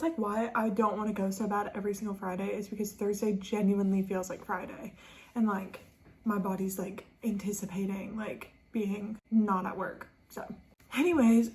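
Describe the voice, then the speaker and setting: A woman's voice: on the high side, a little mellow, slight background noise, poor audio. A woman in her twenties chatting casually to a phone camera at home, rambling with lots of fillers and emotion. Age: 20s. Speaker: vlogger. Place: at home, indoors.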